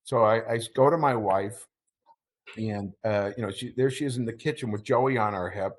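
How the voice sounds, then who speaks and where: A middle-aged man telling a personal story as an interview guest, halting and repeating words, his voice choking up with emotion. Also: fairly low pitch.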